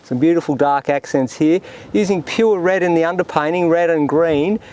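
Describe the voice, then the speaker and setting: A man's voice: a little high, normal speed, rough recording. A man, talking through his painting outdoors in an easy, reflective way. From Australia. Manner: relaxed, reflective, talks to himself while painting. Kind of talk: painting demonstration commentary. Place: outdoors in windy open country.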